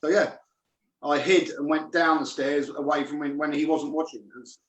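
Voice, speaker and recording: Higher-voiced guy telling sweary chef stories, sounds far off in an echoey room. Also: fairly even intonation, moderate pace. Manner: swears freely, laughs while telling stories. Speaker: guest chef. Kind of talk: casual storytelling on a video call. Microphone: video call.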